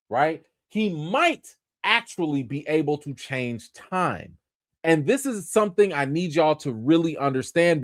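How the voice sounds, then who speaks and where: A show reviewer with a fairly high-pitched voice gives live commentary on a TV episode, his pitch jumping around animatedly as he explains. His talk is casual, full of slang and fillers. The recording is dry and close, without any room sound.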